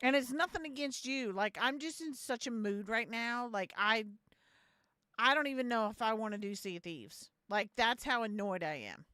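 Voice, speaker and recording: A woman's voice: fairly high pitch, animated, moderate pace, pushed and bright, clear, resonant tone, no echo, studio quality. A young adult woman streamer chatting casually on a live stream, blunt and profane, often repeating herself. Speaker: game streamer.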